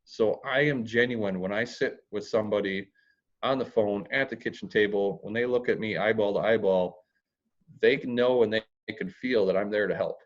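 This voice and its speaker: Plain-spoken man, low voice, lo-fi sound. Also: normal speed. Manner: plain-spoken, dry humor, occasional crude words. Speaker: real estate investor guest. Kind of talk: podcast interview. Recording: dull lo-fi audio.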